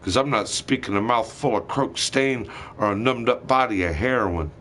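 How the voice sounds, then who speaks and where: A man's voice: medium pitch, moderate pace, fairly bright tone, a little hiss or hum. Heated man ranting, swearing hard. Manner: heated, profane, accusatory ranting. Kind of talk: rambling angry monologue.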